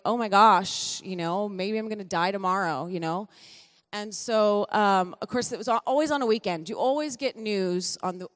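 A woman's voice: medium pitch, clear, resonant tone. A middle-aged woman giving a chatty church testimony, correcting herself often as she tells her story. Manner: chatty, self-correcting storyteller with light laughs. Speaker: pastor's wife giving a testimony. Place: church hall. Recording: long church-hall reverb.

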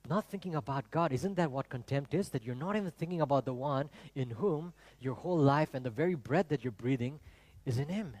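Animated preacher man, dry sound. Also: fairly high pitch, dry recording. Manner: animated, rhetorical, asks the congregation questions. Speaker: pastor. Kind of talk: sermon. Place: church.

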